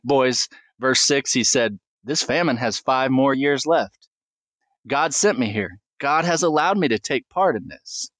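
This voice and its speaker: A man's voice: mid-range voice, measured pace, fairly bright tone, no room sound. Earnest male preacher, dry sound. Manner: earnest, rising emphasis on questions, reads scripture aloud with small stumbles. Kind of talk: sermon.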